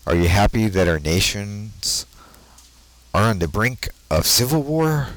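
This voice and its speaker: A man from the United States hosting an occult talk show, delivering a deliberate, preachy monologue full of rhetorical questions. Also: on the low side, very animated, fairly bright tone, dry recording, poor audio. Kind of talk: solo monologue commentary.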